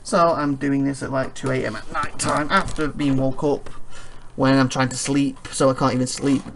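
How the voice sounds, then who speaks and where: Crowd noise sits behind a let's play host with a gravelly, medium-pitched male voice, fairly even intonation, and a moderate pace. Tired and yawning, he reads a game's text aloud, rambling and chuckling in asides between passages.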